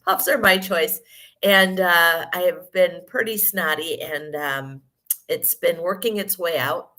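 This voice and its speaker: A woman with a croaky morning voice after a cold, explaining health topics in a rambling podcast monologue full of ums and self-corrections. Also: lowish voice, slow pace, bright, forceful tone. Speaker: podcast host. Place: hotel room.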